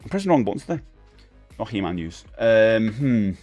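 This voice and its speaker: A middle-aged man with a lowish voice chats casually on a live stream from a home setup. He rambles and reads out comments from chat to answer them. Faint music plays in the background. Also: very animated, a little fast, a little mellow, dull audio. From United Kingdom.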